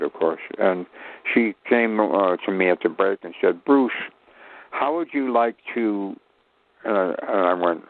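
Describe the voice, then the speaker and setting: A man's voice: sits low, vocal fry. A man in his eighties from Chicago, a guest telling stories in a rambling, humorous, self-mocking way. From Chicago, USA. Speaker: guest, actor. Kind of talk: rambling anecdotal storytelling. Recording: tinny phone line.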